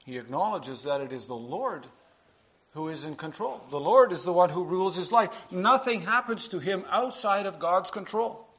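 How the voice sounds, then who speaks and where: A man preaching a sermon to his congregation, earnest, dropping to quiet asides and rising into emphatic passages. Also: high voice, animated, normal speed. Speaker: pastor.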